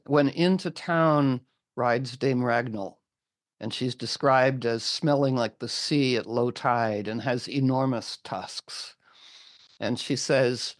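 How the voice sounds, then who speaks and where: Man, mid-pitch, lively storyteller, dry room. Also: dry recording. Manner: animated, acts out quotes with filler words. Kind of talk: casual retelling of a legend.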